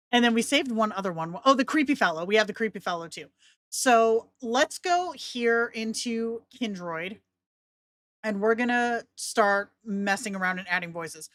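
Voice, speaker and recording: A woman's voice: on the high side, animated, measured pace, a bit bright, dry recording, studio quality. Chatty woman hosting a tutorial. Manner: chatty, rambling, laughs often. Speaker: tutorial host. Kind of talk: casual screen-share tutorial.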